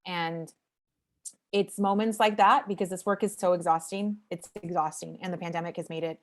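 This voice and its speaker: A woman's voice: lowish voice, fairly even intonation, normal speed. A woman speaking as a nonprofit founder on a video call panel, telling stories in an earnest, reflective way.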